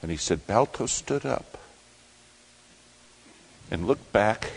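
A deep, low-pitched male preacher telling a story from the pulpit. He speaks with unhurried, deliberate pacing, letting dramatic moments land. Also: expressive, creaky, poor audio. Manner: dramatic, slow retelling. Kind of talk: sermon storytelling.

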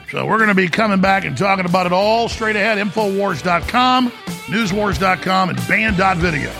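A male talk show host rants in a sarcastic, combative monologue. His voice sits high and gravelly, with a bright, forceful edge.

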